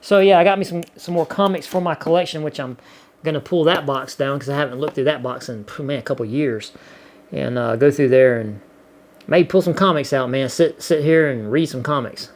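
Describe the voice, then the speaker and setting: Man, slightly high voice, folksy rambling vlog chat. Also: brisk. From Gulf Coast of the US. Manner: rambling, folksy, frequent "you know". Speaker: vlogger. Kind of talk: casual chat to camera.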